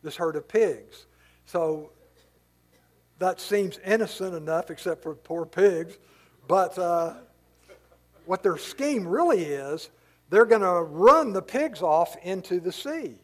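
Casual, high-voiced male preacher. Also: expressive, measured pace. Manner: casual, explanatory, tells stories with many asides. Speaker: pastor. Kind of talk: conversational Bible teaching sermon.

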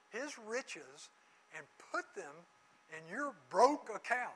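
A middle-aged man giving a sermon-style Bible lesson, his voice high and bright. He tells stories with lively character voices and jokes. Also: poor audio. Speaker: Bible teacher.

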